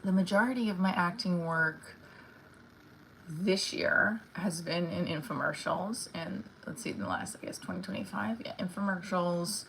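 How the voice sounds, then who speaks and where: A woman's voice: fairly low pitch, moderate pace, gravelly, fairly bright tone, a little hiss or hum, rough recording. A woman who is an actress chatting casually on her live stream, rambling and candid, with lots of fillers and casual swearing.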